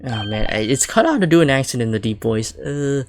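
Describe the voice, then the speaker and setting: A man's voice: mid-range voice, very animated, fairly quick. A young man streaming a video game live, talking casually in a rambling way with many fillers and self-corrections.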